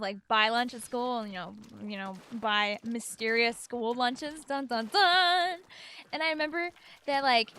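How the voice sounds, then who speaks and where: High-voiced chatty woman with a Long Island accent. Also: a bit bright, a little hiss or hum. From New York, USA. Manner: chatty and rambling, answers chat messages aloud. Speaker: streamer. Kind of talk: casual livestream chat while gaming.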